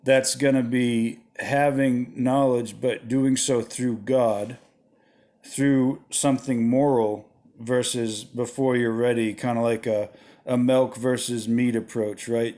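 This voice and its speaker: A man's voice: medium pitch, steady tone, takes it slowly, a little mellow. A tired man with a slight lisp, talking late at night in a rambling way, often asking "right?" as he teaches about religious symbolism. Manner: rambling, restarts often, tags lines with "right?". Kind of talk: casual spoken teaching on symbolism.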